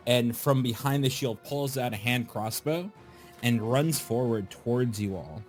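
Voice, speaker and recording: A man narrating a tabletop game as game master, describing the scene slowly and addressing the players. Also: mid-range voice, faint music behind. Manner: slow, descriptive narration with asides.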